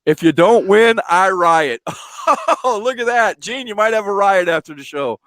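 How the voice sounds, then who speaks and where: Man, show host, chatty, high voice, dry close sound. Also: animated, moderate pace, fairly bright tone, no echo. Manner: chatty, reads out viewer comments, laughs often. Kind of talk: casual live-stream chat. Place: at home.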